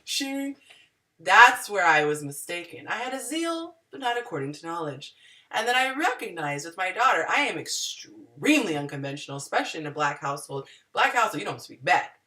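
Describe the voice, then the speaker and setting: Animated, bright-voiced woman hosting a chat. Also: fairly low pitch, brisk, recorded from a distance. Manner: animated, self-deprecating storyteller with acted-out quotes. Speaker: host. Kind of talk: casual group video chat. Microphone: video call.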